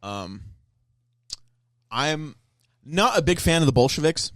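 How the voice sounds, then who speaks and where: A man's voice: fairly high pitch, sing-song, takes it slowly, fairly bright tone, dry recording, studio quality. A young man co-hosting a casual podcast, rambling and restarting often. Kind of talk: casual chat.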